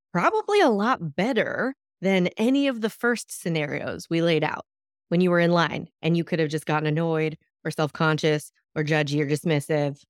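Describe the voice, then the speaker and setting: A woman hosting a solo self-help podcast, talking in a lively coaching tone. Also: mid-range voice, no room sound, studio quality. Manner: lively coaching tone, acts out imagined reactions. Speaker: podcast host.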